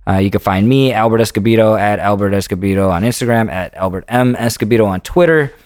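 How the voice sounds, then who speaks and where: Low-voiced guy hosting a podcast, relaxed and loose, dry close sound. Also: quick pace, dry recording. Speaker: podcast host. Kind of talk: casual podcast chat.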